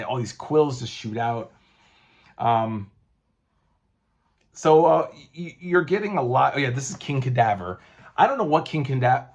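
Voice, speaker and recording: Husky guy rambling thru a comic review, swears a lot, lots of ums and restarts. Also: mid-range voice. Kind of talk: casual vlog review.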